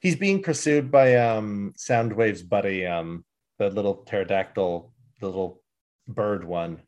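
A man's voice: on the low side, unhurried, darkish tone. A man co-hosting a podcast in casual chat, joking and filling his speech with "uh"s and "um"s. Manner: joking, laughs often, fillers. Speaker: podcast co-host.

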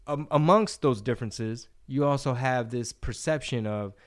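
A man talking on a podcast in a loose, animated way, dropping slang and swearing freely. His voice sits at an ordinary middle pitch for a man, and he talks casually with his co-host. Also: moderate pace. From Texas.

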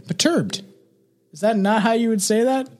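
A man's voice: very high-pitched, animated, moderate pace, darkish tone. A man co-hosting a casual podcast, reading an article aloud with many fillers and restarts while drinking scotch. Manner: stumbling reader, frequent restarts and fillers. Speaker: podcast co-host.

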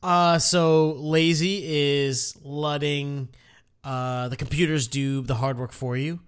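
A man's voice: on the high side, fairly even intonation, slow, clear, resonant tone. A man co-hosting a podcast, trading self-deprecating jokes in casual chat. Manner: joking, self-deprecating banter. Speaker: podcast co-host.

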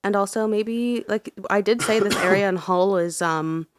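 A woman's voice: medium pitch, normal speed, dry recording. A woman hosting a podcast who is sick, telling a true crime case in a casual, chatty way and saying "like" a lot. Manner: chatty, laughs often, says "like" a lot. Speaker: podcast host.

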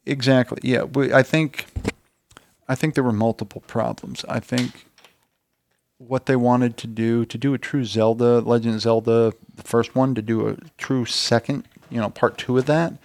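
A man's voice: mid-range voice, steady tone, moderate pace, gravelly. A man co-hosting a casual gaming podcast, chatting in a wry, opinionated way. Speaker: podcast co-host. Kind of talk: casual chat. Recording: dry close studio mic.

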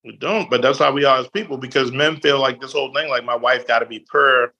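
A man's voice: mid-range voice, fast talker, muffled recording. A man chatting casually as a podcast guest, acting out quoted lines with lots of energy. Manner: animated, acts out quotes. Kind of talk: casual chat.

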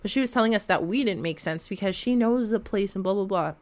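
A young woman telling a casual storytime rant about her coworkers, exasperated and animated, swearing freely and full of likes and fillers. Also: mid-range voice, fast. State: recovering from a cold. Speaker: vlogger.

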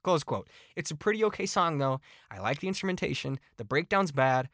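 A man's voice: on the high side, expressive, brisk, fairly bright tone. A man hosting a podcast and giving a casual album review. He talks bluntly and swears a lot, and his exasperation comes out in repeated complaints. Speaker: podcast host.

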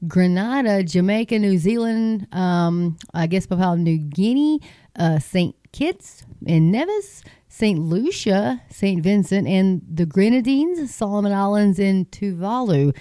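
Folksy Texan woman with a dark voice. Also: medium pitch, animated, measured pace, no room sound, clean studio sound. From Texas, United States. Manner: chatty, rambling, folksy, laughs at herself. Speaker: Christian video host. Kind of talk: casual talk reading news aloud.

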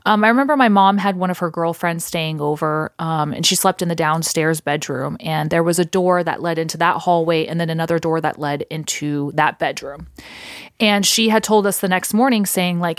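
A woman's voice: on the low side, moderate pace, dry recording, studio quality. A woman hosting a podcast, casually telling a ghost story in a rambling way with lots of fillers and restarts. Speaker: podcast host.

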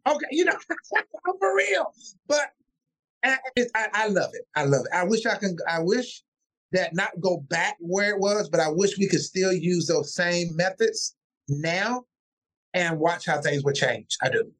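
A male pastor with a notably high voice, talking in a relaxed interview. He tells his stories with animated energy, slipping into the voices of the people he quotes. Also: a little slow. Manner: animated, acts out family voices mid-story. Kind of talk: casual interview storytelling.

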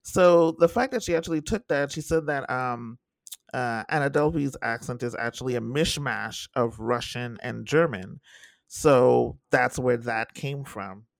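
Gravelly-voiced man in animated chat. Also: a little slow, dry recording, clean studio sound. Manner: animated, acts out quotes in high voices. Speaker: podcast co-host. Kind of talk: casual chat reviewing a TV series.

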